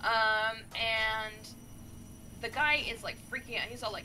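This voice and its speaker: A woman gaming streamer retelling a story in a chatty, animated way, with many fillers. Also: on the high side, a little slow, over music. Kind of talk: casual storytelling while playing a game.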